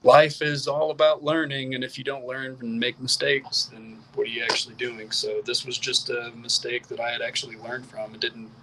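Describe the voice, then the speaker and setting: A young man speaks plainly as an interview guest, recounting his own experience in casual talk. His voice is bright and forceful, sitting at a middle pitch. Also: flat delivery, moderate pace, hardly any pauses, a little hiss or hum, poor audio. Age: young adult.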